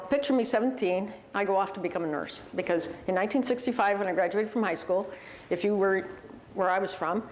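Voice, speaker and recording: A woman, a university president, telling personal stories to an audience in a vivid, animated way and acting out the people she quotes. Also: medium pitch, slight background noise. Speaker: university president giving a talk. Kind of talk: personal storytelling talk to an audience.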